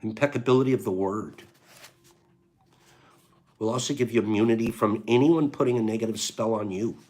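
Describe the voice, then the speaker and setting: A man's voice: fairly low pitch, brisk, a little mellow. A man hosting a live stream in a casual chat, reading viewers' names and their answers aloud. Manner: reads chat names aloud, rattles off lists.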